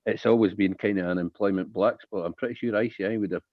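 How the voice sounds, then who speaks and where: A man's voice: fairly low pitch, steady tone, fast, no room sound. A Scottish man giving wry, opinionated takes on a political talk panel. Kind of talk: casual political chat. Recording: dry tinny phone-like line.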